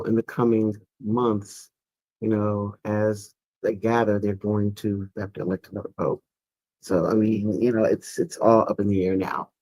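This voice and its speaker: A man's voice: on the low side, no echo. Guy hosting a chat show, easygoing and rambly, dead dry mic. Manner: relaxed, rambling with many fillers. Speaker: podcast host. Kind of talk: casual panel chat.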